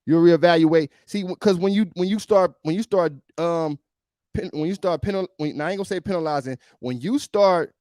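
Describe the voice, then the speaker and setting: A man's voice: sits high, darkish tone, no room sound, studio quality. A male podcast host giving emphatic, preachy reaction commentary on a video, often repeating himself.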